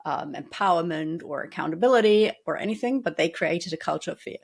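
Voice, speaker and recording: A woman's voice: lowish voice, expressive, fairly quick, vocal fry. Woman explaining workplace leadership at length. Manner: explains at length, dry sarcastic asides. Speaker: podcast co-host. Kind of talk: conversational podcast talk.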